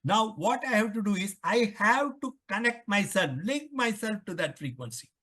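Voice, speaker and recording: An older man with an Indian English accent talks in a high voice, lecturing through a long interview answer. He repeats points and poses questions to himself as he explains. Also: lively intonation, moderate pace, sharp tone. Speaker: author interviewed on the Vedas.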